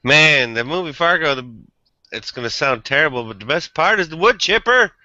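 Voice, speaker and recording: Man, host, very bright voice, smooth, dry muffled sound, joking casual chat. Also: fairly high pitch, lively intonation, moderate pace, no echo. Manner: easygoing, jokey.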